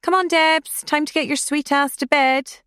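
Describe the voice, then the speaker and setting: A woman's voice: mid-range voice, lively intonation, dry recording, studio quality. Woman voicing Mouse, a blunt wry friend. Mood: teasing. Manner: brisk and matter-of-fact.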